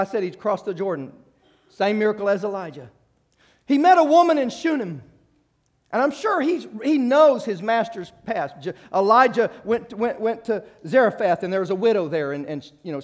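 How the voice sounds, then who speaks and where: A man with a high voice preaches a sermon, retelling a story with acted-out quotes and frequent restarts. He shifts from loud, rising exhortation to quiet, conversational asides.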